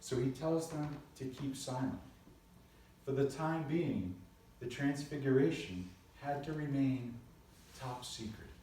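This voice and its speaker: A man's voice: mid-range voice, slow, mellow, a little hiss or hum. A man, a pastor, preaching a sermon in a church, earnest and storytelling with playful asides. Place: church sanctuary. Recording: very echoey church from a distant mic.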